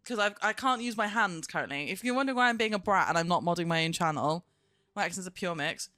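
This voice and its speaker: A young woman live-streaming with a slight lisp, chatting fast, giggly and excitable. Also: fairly low pitch, no room sound, clean studio sound. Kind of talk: casual live-stream chat.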